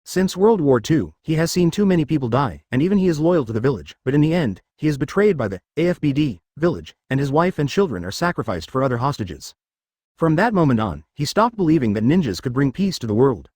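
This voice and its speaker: Fast, lively male story narrator. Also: a little high, no room sound, studio quality.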